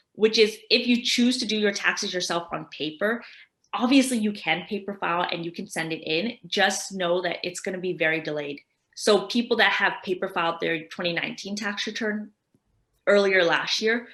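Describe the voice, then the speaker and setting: A woman's voice: fairly low pitch, a bit bright, reverberant. A woman tax advisor giving a casual workshop presentation, explaining in a chatty, rambling way.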